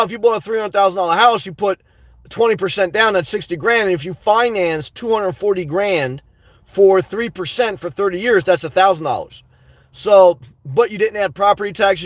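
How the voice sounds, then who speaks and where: A man's voice: high-pitched, no echo. A man hosting a livestream, reading live chat aloud in a rambling, earnest way and calling his viewers guys and man. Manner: rambling, earnest, repeats words.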